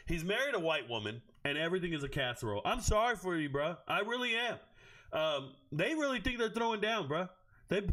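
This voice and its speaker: A man hosting a livestream, reading chat aloud and riffing on each pick with loud, profane joking. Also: on the high side. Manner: quick, animated jumps between chat and draft picks. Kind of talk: casual livestream commentary.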